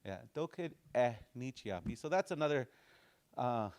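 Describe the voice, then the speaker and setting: A man's voice: medium pitch, lively intonation, a little mellow. Easygoing male language teacher. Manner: repeats phrases slowly, drilling pronunciation; casual, folksy explanations. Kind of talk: language class.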